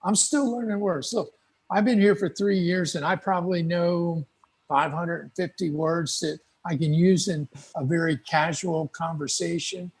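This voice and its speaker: Husky-voiced American man, high for a man. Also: normal speed. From United States. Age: middle-aged. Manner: relaxed, folksy, acts out little dialogues. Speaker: guest speaker. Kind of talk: casual advice to English learners.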